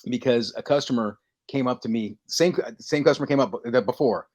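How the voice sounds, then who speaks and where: A man co-hosting a casual podcast, telling stories with lively energy and acting out lines in quick bursts. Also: medium pitch. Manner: animated storytelling, acting out movie lines. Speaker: podcast co-host. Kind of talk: casual chat.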